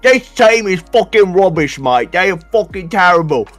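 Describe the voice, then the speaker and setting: A loud Cockney bloke, as a man puts him on, rants about a football team. His voice jumps well above his usual pitch with crude, blunt swearing. Faint music plays underneath. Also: expressive, moderate pace. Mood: ranting.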